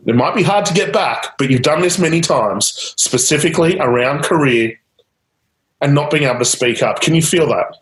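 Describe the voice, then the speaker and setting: A man's voice: a little high, expressive, moderate pace, reverberant, poor audio. A man leading a live coaching demonstration, guiding a client with repeated prompts and light laughter. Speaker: change-technique coach.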